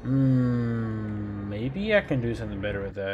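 A man's voice: expressive, measured pace, darkish tone, highs cut off, slight background noise. Playful man joking through a game. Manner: playful, teases enemies, bursts into high whoops. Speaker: gameplay streamer. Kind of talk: casual let's-play commentary.

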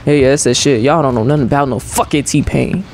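A man's voice: mid-range voice, fairly quick, darkish tone, a little hiss or hum. A young man doing let's play commentary as a gaming streamer, joking in profane banter with his viewers.

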